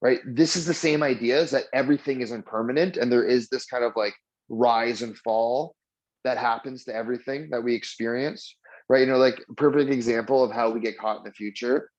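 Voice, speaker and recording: A man's voice: medium pitch, fairly quick, muffled recording. A man teaching a casual mindfulness lesson, chatty and full of fillers, acting out the voices in his stories. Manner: chatty storytelling with many fillers; acts out dialogue with lively voices. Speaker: mindfulness trainer.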